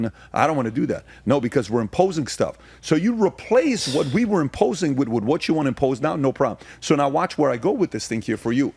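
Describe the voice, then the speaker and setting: A man's voice: mid-range voice, very animated, fast talker, gravelly, hardly any pauses, a little mellow, husky, no room sound. A man who is a guest on a podcast, telling stories in casual conversation. He turns emphatic and asks rhetorical questions when he argues. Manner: storytelling, turning emphatic and rhetorical when arguing.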